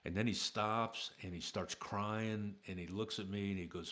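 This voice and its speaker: Middle-aged man, very low voice, casual storytelling, halting with lots of fillers. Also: fairly even intonation, fairly bright tone. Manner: halting, many "uh" fillers and restarts. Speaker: podcast host telling a personal story.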